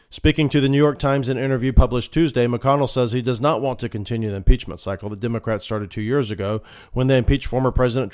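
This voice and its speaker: A man's voice: mid-range voice, a little mellow. A man hosting a commentary podcast, reading news stories aloud and breaking off into sarcastic, mock-emotional asides. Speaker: podcast host. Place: Florida.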